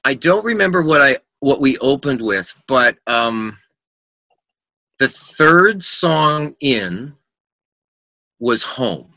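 A middle-aged man, a musician guest, telling lively anecdotes in casual chat and acting out the voices of people in them. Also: mid-range voice, slow pace, pauses often, dry recording. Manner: animated anecdotes with quoted voices.

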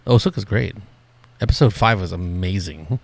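Laid-back joking podcast co-host. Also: male voice, low-pitched, moderate pace, vocal fry. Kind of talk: casual chat.

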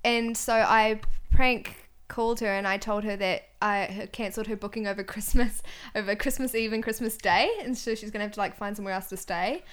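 A woman's voice: medium pitch, fairly even intonation, a little fast, a bit bright, clean tone. A young woman, telling stories as a guest in a casual podcast chat, giggly and self-deprecating. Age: late teens.

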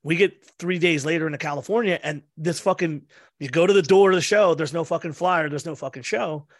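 Animated, cursing man telling a story. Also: on the high side, brisk, no echo, clean studio sound. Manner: animated storyteller, swears a lot, acts out quotes. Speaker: podcast host. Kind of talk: casual conversation.

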